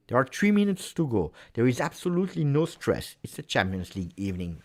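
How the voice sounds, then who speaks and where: A man's voice: mid-range voice, sing-song, fairly quick, hardly any pauses. A man hosting a live match watch-along, reacting emotionally and pleading with the players. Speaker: fan channel host.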